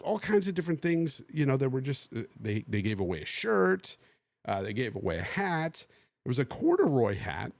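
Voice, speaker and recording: Male podcast host from the Bay Area. Animated casual storyteller who acts out quotes. Lively pitch, dry sound. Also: no room sound. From Bay Area, USA.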